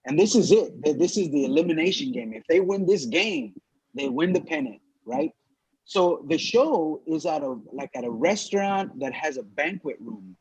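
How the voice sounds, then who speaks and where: A comedian from Los Angeles telling a story in casual chat, animated and profane, acting out the people he quotes. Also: fairly high pitch, moderate pace, breathy edge, no echo. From Los Angeles, USA. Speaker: comedian podcast co-host. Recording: dull lo-fi dry sound.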